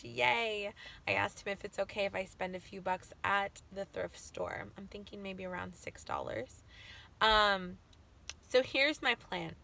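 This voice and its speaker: A woman's voice: medium pitch, gravelly, pushed and bright, a little hiss or hum. A young woman chatting to camera in an upbeat, rambling way as a vlogger, losing her voice. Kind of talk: casual chat to camera.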